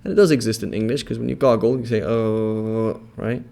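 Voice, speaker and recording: Gravelly-voiced man patiently teaching pronunciation. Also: mid-range voice, warm tone. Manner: patient, repeats sounds slowly and checks with "right?". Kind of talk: instructional explanation with repeated model words.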